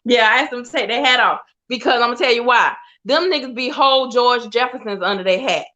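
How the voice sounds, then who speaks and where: A woman's voice: a little high, quick pace, pushed and bright. A woman who is a guest on a live podcast, joking bluntly and teasing the host. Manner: blunt, teasing, frank about dating. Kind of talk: casual live podcast banter. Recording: dull lo-fi stream audio.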